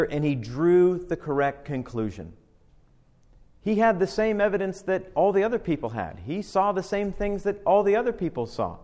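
A man preaching a sermon, swinging between loud emphatic declarations and quiet, low phrases. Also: long reverb tail. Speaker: pastor.

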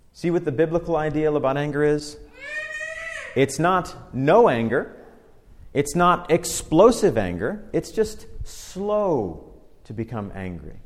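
A male pastor preaching a sermon in a conversational way, slowing down and stressing each scripture verse he reads. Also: medium pitch, a little mellow. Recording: long hall reverb.

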